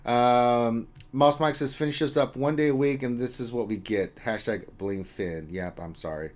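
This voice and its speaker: A man's voice: medium pitch, normal speed. Casual male streamer reading out chat. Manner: loose and joking, mild swearing. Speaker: livestream co-host. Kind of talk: casual livestream chat, reading viewer comments.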